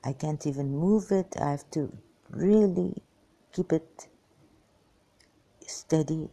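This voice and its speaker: A tired, weak woman rambling through a personal monologue for her vlog in halting, broken phrases. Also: low-pitched, vocal fry, warm tone. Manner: halting, fragmented speech with many pauses. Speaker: vlogger.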